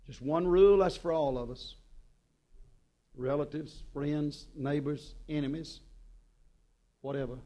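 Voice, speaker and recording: A man's voice: fairly even intonation, unhurried, pauses often. Impassioned preacher man. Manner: impassioned, swinging between loud urgent peaks and quiet low passages. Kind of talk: sermon.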